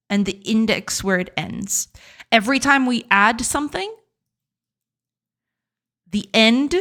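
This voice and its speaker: A woman's voice: medium pitch, fairly bright tone. A woman game developer, heard through a voice changer, thinking aloud and explaining code step by step in a casual, giggly live-stream chat.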